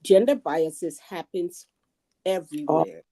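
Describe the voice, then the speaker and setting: A woman from Liberia speaking on a livestream panel, explaining her view in a measured way. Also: low voice, gravelly, warm tone.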